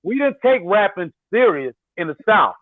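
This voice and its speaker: A man's voice: high-pitched, very animated, moderate pace, no room sound. Man on a tinny line. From Miami. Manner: insistent, keeps cutting in with "bro" and "Zoe". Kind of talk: heated casual debate.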